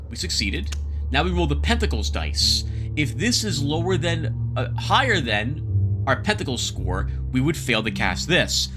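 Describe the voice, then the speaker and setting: A man narrating his solo board game playthrough in casual commentary, thinking aloud, muttering asides and reading card text aloud. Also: medium pitch. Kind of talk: casual let's-play commentary. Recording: background music under the voice.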